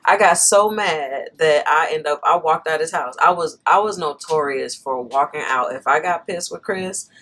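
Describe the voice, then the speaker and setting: A woman's voice: low-pitched, moderate pace, hardly any pauses. A woman co-hosting a casual chat, telling a story with lots of laughter and pushing back when she is cut off. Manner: animated, laughing, talks back when interrupted. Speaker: podcast co-host.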